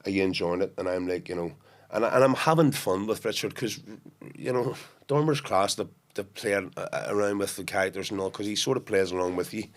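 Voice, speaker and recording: Lower-voiced Belfast man telling stories. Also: a little fast, few pauses. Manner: animated storyteller who acts out quotes with frequent restarts. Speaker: guest actor. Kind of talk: casual podcast interview chat.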